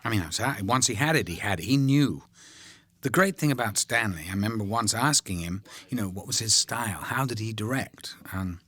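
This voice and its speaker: An older man recalling making a film in a relaxed, rambling commentary, full of ums and drifting into whispers. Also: lowish voice, fairly quick, no room sound. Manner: rambling, warm anecdotes, frequent ums, drops to whispers.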